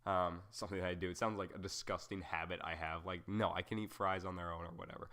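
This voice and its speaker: A man's voice: low-pitched, little pitch movement, fast, a bit bright. A young man hosting a solo podcast, rambling casually through tangents and joking at his own expense. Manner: rambling and self-deprecating, full of fillers and tangents. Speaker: podcast host.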